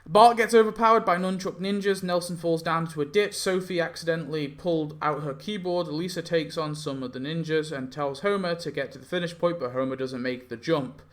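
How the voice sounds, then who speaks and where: Rambling young man with a slightly high voice. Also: fairly quick, few pauses, fairly bright tone. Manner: rambling, full of "like" and self-corrections. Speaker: game YouTuber. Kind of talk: casual commentary on a game concept.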